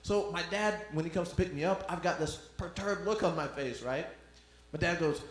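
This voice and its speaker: A man doing a stand-up comedy set, animated and acting out voices in his stories. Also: fairly high pitch, normal speed. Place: club room with audience. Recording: echoey room.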